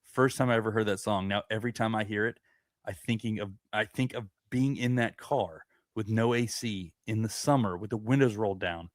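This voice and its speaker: Low-voiced man in his thirties, rambling. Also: brisk, no echo, studio quality. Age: 30s. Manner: rambling storyteller, trailing restarts. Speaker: podcast co-host. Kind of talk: casual chat.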